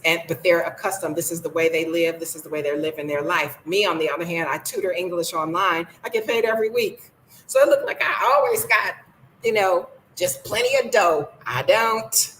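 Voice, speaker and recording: A woman's voice: fairly low pitch, expressive, normal speed, a bit bright, a little hiss or hum, low-quality recording. An older woman from the United States, blunt and sassy, chatting casually in a vlog from her home. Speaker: vlogger.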